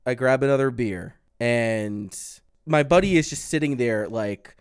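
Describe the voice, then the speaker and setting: A man in casual chat, telling a drawn-out story and swearing freely. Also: medium pitch, clear, resonant tone, no echo, studio quality.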